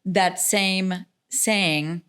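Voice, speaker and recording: A woman who owns a jewelry shop, chatting as a podcast guest and quick to laugh. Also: fairly low pitch, fairly even intonation, a bit bright, clean tone. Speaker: jewelry store owner, guest. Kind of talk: casual chat.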